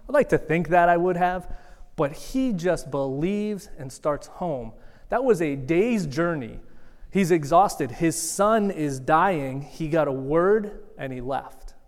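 A man preaching in a big church sanctuary, his fairly high voice carrying a long reverberant tail. He talks conversationally and pokes fun at himself, swinging between soft asides and fuller, emphatic lines. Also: slow pace. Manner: conversational, self-deprecating, with lively shifts in loudness. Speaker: guest preacher. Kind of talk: sermon.

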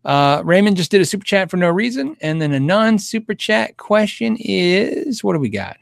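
A man's voice: sits high, big pitch swings, normal speed, gravelly, no echo, studio quality. A middle-aged man hosting a casual livestream Q&A, rambling and thinking aloud with frequent restarts and chuckles. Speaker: guitar show host answering viewer questions.

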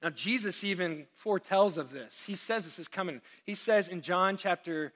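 A young man from Texas delivers a sermon in a high, bright voice. He tells stories with quick, animated asides as he preaches. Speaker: pastor.

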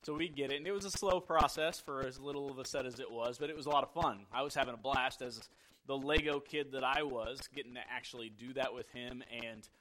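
A man's voice: medium pitch, fairly quick, fairly bright tone, rough recording. A man in his thirties casually telling a family story, chatty and acting out his son's lines.

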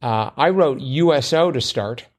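A man's voice: medium pitch, animated, measured pace. Chatty man in casual conversation. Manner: chatty, self-deprecating, lots of fillers and restarts. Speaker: podcast co-host. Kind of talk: casual chat about crosswords.

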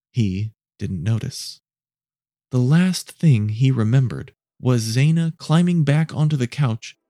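A man narrating and producing an audio story in a measured, low-key, hushed reading. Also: no echo, clean studio sound.

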